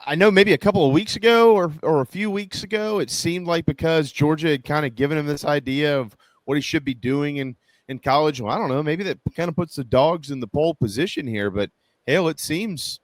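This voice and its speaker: A man hosting a sports talk radio show in a casual, folksy way, joking and rambling with frequent restarts. His voice is dry and close on a studio microphone, sitting at a middle pitch. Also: no room sound.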